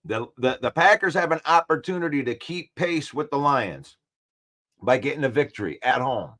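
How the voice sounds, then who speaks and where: A man hosting a daily sports talk show, excitable and trash-talking, repeating himself as he builds his case. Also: mid-range voice, moderate pace.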